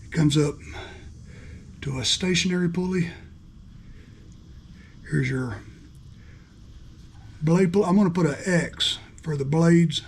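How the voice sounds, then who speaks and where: A man's voice: on the high side, slow pace, long pauses, slight background noise. Folksy man talking through a mower repair. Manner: folksy, talks to himself while working. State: slightly out of breath. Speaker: mower repair channel host. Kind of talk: hands-on repair demonstration.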